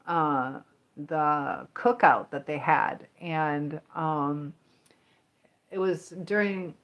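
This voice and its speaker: A woman's voice: deep voice, very slow, dull audio. Chatty woman reading out stream comments. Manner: chatty, rambling, reads viewer comments aloud. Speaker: livestream host; teacher and business coach. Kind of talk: casual livestream chat reading comments.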